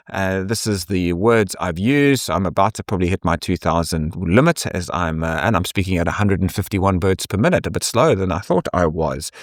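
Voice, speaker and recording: A man with an English South African accent, giving a casual, thinking-aloud software review full of ums and restarts. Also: fairly low pitch, no room sound, studio quality. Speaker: tech reviewer.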